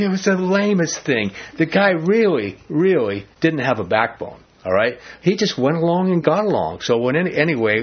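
This Bible teacher's voice runs a little high and slightly rough, with the high frequencies cut off. He keeps the study casual and lively, talking conversationally and performing each quote he reads.

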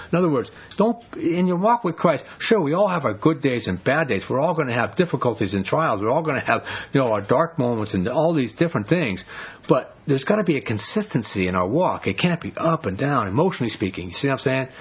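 A man's voice: mid-range voice, animated, fairly quick, husky. A middle-aged man teaching an informal Bible study, talking conversationally with restarts and rising for emphasis. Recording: dull lo-fi recording.

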